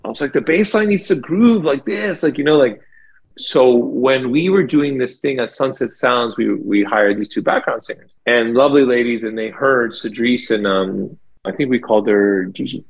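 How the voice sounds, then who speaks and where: Gravelly, husky-voiced man. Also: medium pitch, moderate pace, poor audio. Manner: enthusiastic, animated storytelling with many fillers. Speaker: lead singer of a band, guest. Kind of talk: casual interview chat.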